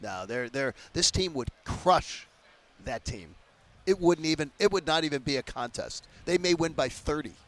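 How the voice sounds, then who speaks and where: A man in his fifties from the Philadelphia area, a sports radio guest telling stories with animated emphasis in a casual interview. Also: fairly high pitch, moderate pace. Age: 50s.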